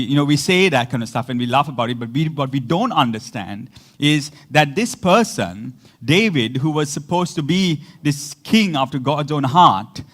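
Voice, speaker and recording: A man's voice: medium pitch, fairly bright tone. A man preaching a casual, conversational sermon, laughing often and acting out the people he quotes. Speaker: pastor.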